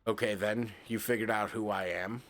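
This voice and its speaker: A man voicing a bitter middle-aged rural French farmer in a flat, plain reading voice. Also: on the low side, normal speed, faint music behind, lightly acted.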